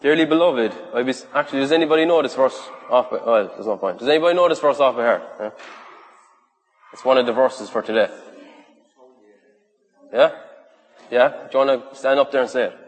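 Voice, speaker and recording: A man delivers an earnest, conversational sermon in a hall with a long reverb. His pitch sits mid-range for a man, and he reels off long lists and asks rhetorical questions. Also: a little fast, pauses often. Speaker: preacher. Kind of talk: sermon to a youth group.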